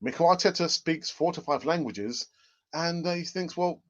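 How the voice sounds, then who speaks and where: A man's voice: a little high, expressive, normal speed, fairly bright tone, muffled recording. A man hosting a live football fan stream, talking casually and rambling, with exclamations and restarts. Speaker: football channel host.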